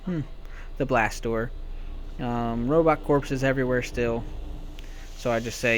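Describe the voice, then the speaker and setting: A man's voice: mid-range voice, fairly even intonation, measured pace, long pauses, slight background noise. A man giving a playful, sarcastic voice-over commentary on a video game. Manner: sarcastic, self-mocking, playful. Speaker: let's-play commentator.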